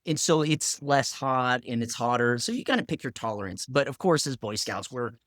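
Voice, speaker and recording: A pharmacist tells a story casually and animatedly, acting out other people's lines and saying "like" a lot. His mid-range voice moves at normal speed, recorded at studio quality with no echo.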